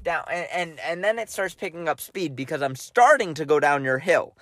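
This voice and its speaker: Animated man telling a funny story. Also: fairly high pitch, normal speed, no echo. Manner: animated, self-mocking storyteller who acts out his own lines. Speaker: podcast co-host. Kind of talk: casual storytelling chat.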